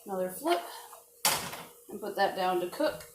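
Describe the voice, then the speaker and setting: A woman's voice: medium pitch, animated, normal speed. A woman chatting casually as she cooks at home for her cooking vlog, joking about herself along the way. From not from the American South. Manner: chatty, self-deprecating, talks while cooking. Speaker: home cook vlogger. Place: home kitchen with frying pan sizzling. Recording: echoey kitchen with frying noise.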